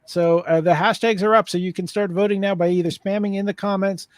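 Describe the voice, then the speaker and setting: A man's voice: high-pitched, steady tone, a little fast, no echo. A man hosting a comedy game show stream, loose and chatty with lots of fillers and restarts.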